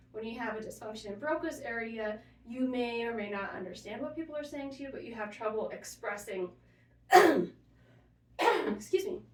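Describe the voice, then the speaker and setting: A woman co-hosting a podcast, chatting casually with dry, sarcastic humor. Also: fairly high pitch. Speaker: podcast co-host. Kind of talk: casual chat. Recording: roomy sound, distant mic.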